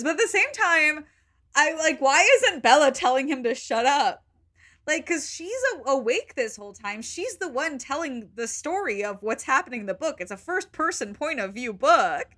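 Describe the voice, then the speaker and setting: Woman co-host with a slightly high voice, casual and animated. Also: moderate pace. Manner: animated, acts out quotes from the book. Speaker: podcast co-host. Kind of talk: casual chat recapping a book.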